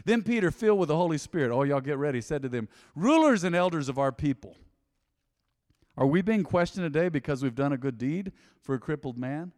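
A pastor preaching a sermon, swinging between loud emphasis and hushed asides. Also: male voice, on the high side, expressive, a little fast, long reverb tail. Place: church hall.

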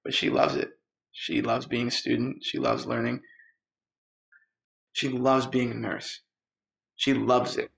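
A man's voice: medium pitch, creaky, echoey room. A man narrating a heartfelt personal story, acting out the dialogue as he tells it. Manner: earnest, animated storytelling with quoted dialogue.

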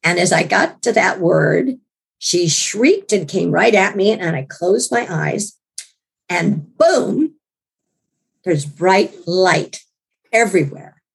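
Gravelly, husky woman telling her story. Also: fairly low pitch, takes it slowly. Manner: earnest, animated storytelling with restarts. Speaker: guest author. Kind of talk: personal storytelling in an interview.

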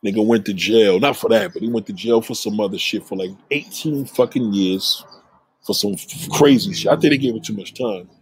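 A man telling street stories in a casual monologue, animated, acting out the voices of the people he describes. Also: lowish voice, brisk, husky, no echo.

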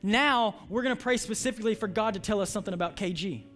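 A man's voice: sits high, fast, fairly bright tone, faint music behind. A middle-aged male pastor preaching, moving from prayer into a conversational story told with frequent restarts. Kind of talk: sermon.

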